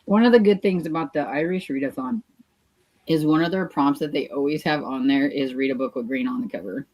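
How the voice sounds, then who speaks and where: A woman co-hosting a casual book livestream, quick and agreeable, adding tips to the chat. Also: deep voice, a little mellow. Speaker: co-host.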